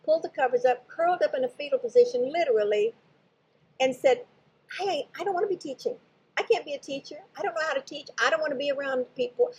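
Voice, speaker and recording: A woman's voice: high-pitched, darkish tone, slightly rough, rough recording. An older woman casually telling a personal spiritual story, rambling and often correcting herself as she goes. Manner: rambling, digressive, self-correcting. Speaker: spiritual channel host.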